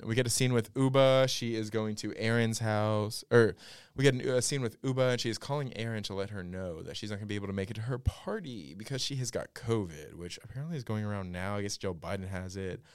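A man's voice: lowish voice, clean tone, dry recording, clean studio sound. A man hosting a podcast, giving a casual, chatty recap of a reality show episode with sarcastic asides and lots of fillers. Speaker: podcast host.

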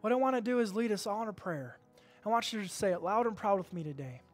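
High-voiced pastor, folksy. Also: male voice, animated, quick pace, faint music behind. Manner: upbeat, folksy, says amen a lot. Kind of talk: church service talk and prayer. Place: church sanctuary.

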